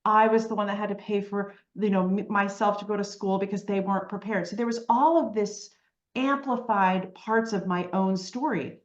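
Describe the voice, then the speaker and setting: A woman guest on an interview podcast, telling her story in a lively way and often asking "right?". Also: medium pitch, moderate pace, roomy sound, lo-fi sound. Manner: animated storytelling, frequent "right?" tags.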